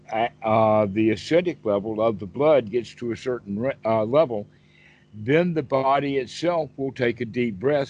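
Male dharma teacher on a video call, mid-pitched, explanatory, poses questions, dull lo-fi sound. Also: darkish tone. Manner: explanatory, asks rhetorical questions. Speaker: Buddhist teacher.

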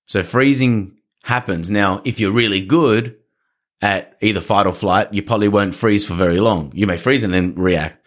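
A man with a somewhat low voice talks about training dogs in an easygoing conversation. He coaches earnestly, and he acts out little scenes along the way. His delivery stays practical and encouraging. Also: moderate pace. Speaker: dog trainer. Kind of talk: casual podcast conversation.

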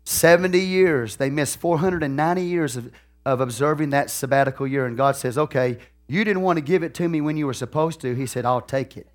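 A brisk, folksy sermon comes from a Texan pastor whose voice sits on the high side. He keeps saying "okay?" and "hallelujah" and jumps from soft asides to shouts.

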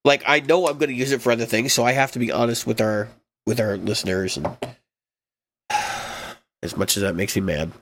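A man's voice: fairly low pitch, moderate pace, pauses often, fairly bright tone. A man co-hosting a podcast, trading wry, teasing banter in casual chat. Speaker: podcast co-host.

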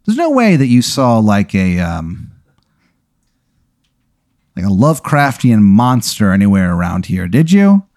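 A man's voice: fairly low pitch, huge pitch swings, unhurried, long pauses, a little mellow, no echo, clean studio sound, full character voice. A man voicing a polite, friendly male Catholic battle priest, speaking casually with fillers in a tabletop game. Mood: probing.

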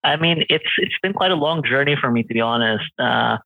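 A man's voice: medium pitch, expressive, fairly quick, creaky, no echo. A man in his late twenties, a photographer guest, talking casually with many fillers and restarts. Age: 20s. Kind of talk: casual interview chat. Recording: tinny phone-like call line.

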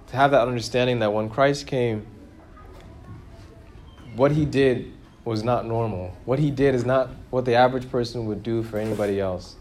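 Man preaching a lively sermon. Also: moderate pace. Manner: lively, rises in pitch and volume for emphasis, asks the congregation questions.

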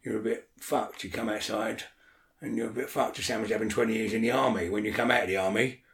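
A man's voice: lowish voice, fairly even intonation, fast talker, creaky, a bit bright, roomy sound. A man talking as an interview guest in casual chat, blunt and swearing a lot, often checking that the listener follows.

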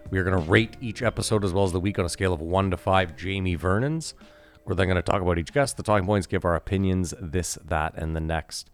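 A man hosting a casual podcast, brisk and teasing with his co-hosts. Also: low voice, no room sound, soft background music. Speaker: podcast host.

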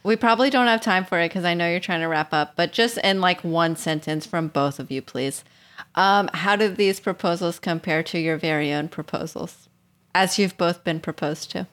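Lower-voiced woman asking a question. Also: moderate pace, a bit bright. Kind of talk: casual podcast chat.

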